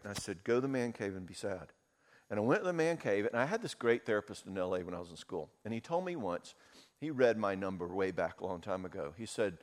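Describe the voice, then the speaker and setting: Candid man speaking in a reverberant hall. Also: on the low side. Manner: candid, storytelling, emotional. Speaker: conference speaker. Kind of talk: talk with audience Q&A. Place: conference hall.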